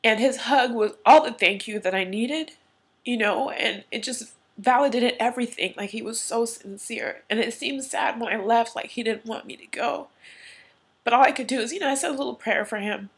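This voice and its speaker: A woman's voice: fairly high pitch, moderate pace, slightly rough. A woman vlogger earnestly telling a personal story, tearful at times, in a casual, heartfelt way. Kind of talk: emotional personal story to camera.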